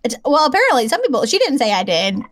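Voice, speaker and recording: A woman's voice: sits high, big pitch swings, fast talker, dry recording. A young woman with a light Southern American accent, chatting casually and giggling as a podcast co-host. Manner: chatty, giggly, rambling with fillers. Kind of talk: casual chat.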